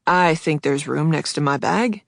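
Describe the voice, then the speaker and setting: A woman's voice: low-pitched, unhurried, gravelly, no echo, clean studio sound. A woman voicing a friendly, easygoing man, a fellow passenger in an audiobook.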